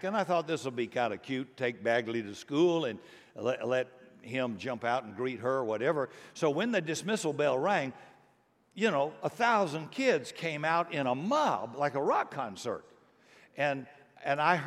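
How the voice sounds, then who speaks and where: A man's voice: a little high, a bit bright. A middle-aged man preaching a sermon as pastor, earnest and rising to emphatic bursts. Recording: long hall reverb.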